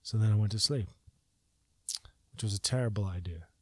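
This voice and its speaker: A man's voice: on the low side, a little fast, dry recording, clean studio sound. A man vlogging a wild personal story to camera, swearing freely and acting out his own reactions. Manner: profane, excitable, acts out his own reactions.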